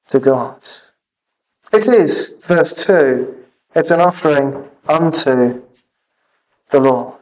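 A man preaching a sermon in an earnest way, often halting with repeated fillers. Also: a little high, darkish tone, distant mic, poor audio.

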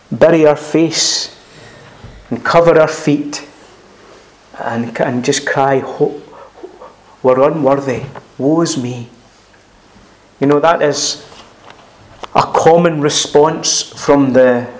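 A man delivering an expository sermon in a somewhat high-pitched voice. He speaks earnestly and emphatically. He pauses between phrases and repeats his words for weight. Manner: frequent pauses and restarts, clears throat. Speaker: preacher.

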